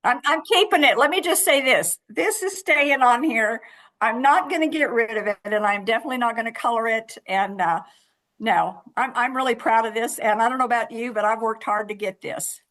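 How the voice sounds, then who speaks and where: A woman's voice: fairly high pitch, lively intonation, normal speed, a bit bright. A woman in her sixties, a guest in a casual interview, telling stories in a chatty way with many fillers and restarts. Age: 60s.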